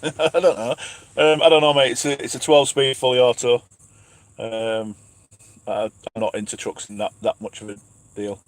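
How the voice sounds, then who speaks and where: A man from England chats casually from his truck cab at night, laughing at himself as he reads out viewer questions. His voice sits at an everyday middle pitch, and the sound is dry and close. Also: steady tone, moderate pace, no echo. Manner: chatty, self-mocking, laughs often, reads names aloud. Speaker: truck driver and channel host. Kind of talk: casual live-stream chat reading viewer questions.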